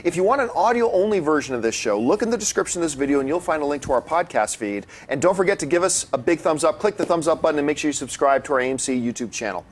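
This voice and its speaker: Man, host, fast-paced, somewhat high voice, animated storyteller, casual chat. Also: slight background noise. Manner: animated, acts out dialogue in his anecdotes.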